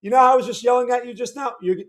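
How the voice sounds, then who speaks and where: A man's voice: extremely high pitch, very fast. A man hosting a livestream, chatting casually with viewers in a worn, weak voice, rambling and stammering over his words. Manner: rambling, stammering, repeats words, greets chat viewers loudly. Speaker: livestream host.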